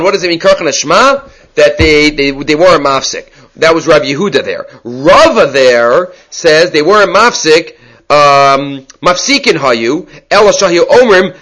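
A man teaching a Talmud class, explaining in a quick, conversational way and mixing in Hebrew and Aramaic terms. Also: on the high side, fairly bright tone.

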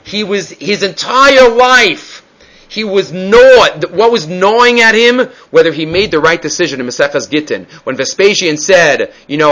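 High-voiced man teaching Talmud. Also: fairly bright tone, low-quality recording. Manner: reads each Hebrew and Aramaic phrase, then translates it in casual English. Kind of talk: Gemara class, translating and explaining.

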